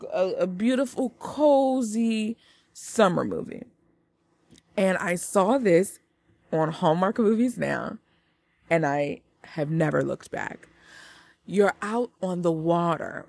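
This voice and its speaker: Podcast host, woman, chatty and upbeat, slow unhurried delivery, lowish voice. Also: gravelly, a little mellow, dry recording. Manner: chatty, hyped, talks straight to listeners. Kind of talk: casual movie-review podcast.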